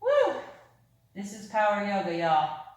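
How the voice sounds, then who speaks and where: A woman leading a fast yoga class with upbeat, encouraging cues, a little out of breath. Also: a little high. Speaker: yoga instructor. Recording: very echoey room.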